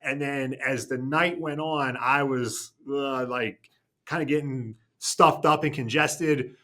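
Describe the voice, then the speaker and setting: This man's medium-pitched voice is steady, slow, and pushed and bright. He's a TV news anchor co-hosting a casual station chat show, working through a long, rambling story with frequent restarts, fillers, and self-corrections.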